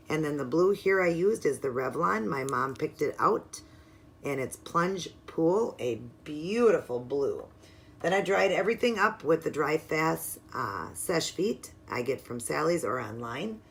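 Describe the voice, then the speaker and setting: A woman with a very deep voice hosts her own nail art video, and a faint hiss or hum sits under the audio. She walks through her supplies one step at a time in a chatty, upbeat, casual tutorial style.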